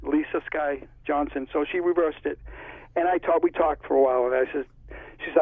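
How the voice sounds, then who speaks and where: A man's voice: a little high, fairly even intonation, normal speed, no echo. A man with a Connecticut accent, an author chatting in a casual interview and rambling through stories. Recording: tinny phone line, husky.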